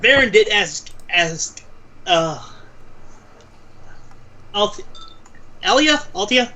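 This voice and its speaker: High, bright-voiced male game master. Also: expressive, very slow, poor audio. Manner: rambling, many restarts. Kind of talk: narrating a tabletop game.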